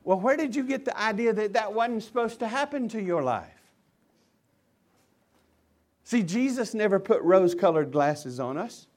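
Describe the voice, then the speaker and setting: Impassioned preacher, high voice. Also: male voice, animated, normal speed, long pauses. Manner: impassioned, swings from loud to hushed. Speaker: pastor. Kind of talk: sermon.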